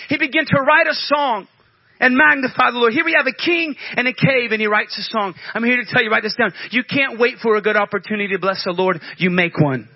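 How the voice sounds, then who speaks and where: High-voiced, fervent male preacher. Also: slightly rough, no room sound, lo-fi sound. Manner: fervent preaching with call-outs, acts out prayers. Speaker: pastor. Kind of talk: sermon.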